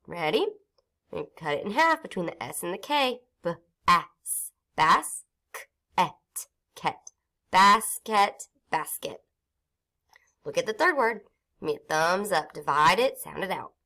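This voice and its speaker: A woman teaching a phonics lesson to young children, sounding out syllables slowly and clearly. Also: lowish voice, very animated, pushed and bright. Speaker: reading teacher.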